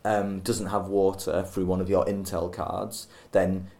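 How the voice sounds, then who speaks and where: A man co-hosting a casual podcast, pitching a game idea in a rambling, jokey way and tripping over his words. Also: flat delivery, a little slow, dark tone. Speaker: podcast co-host.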